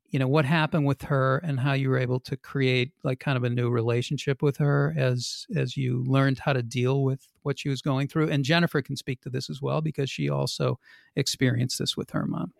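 A male interview host with a gravelly, creaky edge to his voice, recorded close and dry. He asks long, rambling questions in a relaxed, curious way. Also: medium pitch, fairly quick, dry recording. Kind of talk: casual interview.

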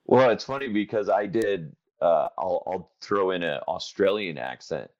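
A man's voice: sits low, normal speed, no echo, muffled recording. A man hosting a podcast in casual, joking chat, often slipping into silly voices. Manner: joking, animated, slips into voices. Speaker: podcast host.

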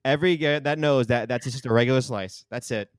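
A man's voice: medium pitch, fairly quick, clear, resonant tone, no room sound, studio quality. A man in his thirties from Queens with a New York accent, chatting bluntly as a guest comedian on a podcast and swearing freely. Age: 30s. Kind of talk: casual podcast chat.

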